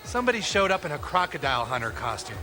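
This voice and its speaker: Actor as a pushy party guest in a sketch, quick and animated, high pitch. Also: male voice, over music. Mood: insistent. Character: pushy male party guest claiming to be famous. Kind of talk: comedy sketch.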